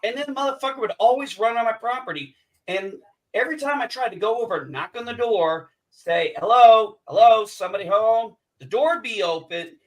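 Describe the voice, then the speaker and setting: A man's voice: extremely high pitch, lively intonation, brisk, distant mic, rough recording. A man in casual chat, swearing a lot while telling a story and acting out angry lines. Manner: profane storyteller, acts out heated quotes.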